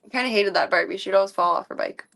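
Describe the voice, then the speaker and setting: A young woman streaming from home, chatting casually and baby-talking her cat, often dropping to a soft, hushed voice. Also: mid-range voice, very fast, creaky. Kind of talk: casual livestream chat.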